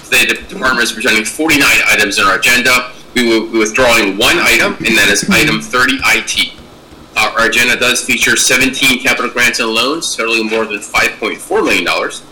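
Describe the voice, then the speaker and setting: A man's voice: medium pitch, pushed and bright, low-quality recording. A man who heads a state department presents an agenda report to a public board in a businesslike way, reading off figures. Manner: businesslike, reads figures briskly.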